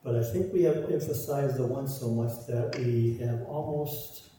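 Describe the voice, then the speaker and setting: A man's voice: mid-range voice, unhurried, mellow, slight background noise. A man preaching a sermon, stressing his points through repeated parallel phrases. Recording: roomy echo, voice from far off.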